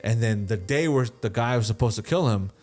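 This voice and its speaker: A young man hosting a podcast, telling a crime story in a loose, animated way, swearing a lot and checking in with "right?". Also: medium pitch, fairly quick, soft background music. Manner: swears constantly, animated retelling, keeps asking "right?". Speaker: podcast host. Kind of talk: casual storytelling.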